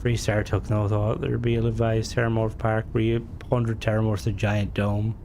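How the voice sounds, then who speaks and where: A game streamer with a voice on the low side chats casually, rambling, cursing and interrupting himself as he restarts his thoughts. His delivery is flat, his pace moderate and his tone darkish, with slight background noise.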